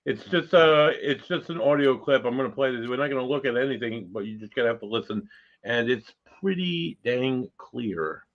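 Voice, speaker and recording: A man's voice: medium pitch, animated, moderate pace, muffled recording. A man hosting a casual chat, rambling and correcting himself as he introduces a guest. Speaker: host.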